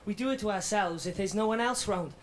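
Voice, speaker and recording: In a radio drama, an actor plays an edgy stand-up comic in his twenties with a Welsh accent, delivering a swaggering, defiant routine. His high-pitched male voice sounds natural and moves fairly quickly, with a little hiss or hum in the recording.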